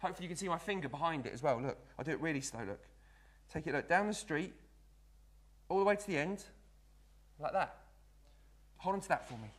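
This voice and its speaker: A man's voice: on the high side, expressive, fairly quick, pauses often. A man playing a cheeky young Victorian apprentice magician, doing a live card trick in chatty patter. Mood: playful. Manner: chatty, patter-filled, keeps saying "look". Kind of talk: live magic act in character.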